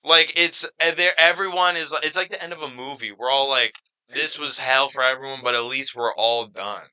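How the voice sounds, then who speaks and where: A young man co-hosting a podcast, telling stories in a casual, animated way with plenty of swearing. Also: mid-range voice, normal speed, clear, resonant tone, rough recording. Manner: animated, profane storytelling. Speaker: podcast co-host. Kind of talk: casual chat.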